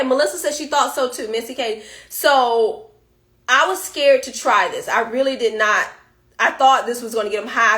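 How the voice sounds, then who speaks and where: High, bright-voiced woman telling a story live. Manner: animated, playful, talks straight to viewers. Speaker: live-stream host.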